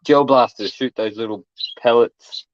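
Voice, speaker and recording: Aussie bloke telling a story, swears, does the voices, kinda muffled dry audio. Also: male voice, mid-range voice, a little slow, no echo. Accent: Australian. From Australia. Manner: blunt, swearing, acts out quotes loudly. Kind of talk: casual chat, storytelling. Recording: dull, dry lo-fi sound.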